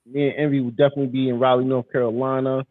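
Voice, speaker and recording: A man hosting a podcast in casual, teasing, slangy talk, also reading sponsor shout-outs. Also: medium pitch, level tone, racing, no room sound. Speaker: podcast host. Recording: dry, phone-like thin sound.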